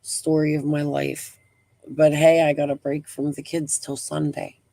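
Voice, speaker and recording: A woman's voice: sits low, level tone, unhurried, gravelly, mellow, dry recording. A middle-aged woman hosting a casual live stream. She talks bluntly, rambles, swears freely and breathes heavily.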